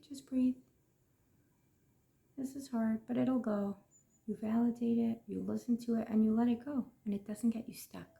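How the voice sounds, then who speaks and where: A woman coach speaks in a soft, reflective way, asking gentle rhetorical questions and sometimes dropping almost to a whisper. Her voice has a gravelly edge, and the tone is dark and mellow. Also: medium pitch. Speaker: emotions coach.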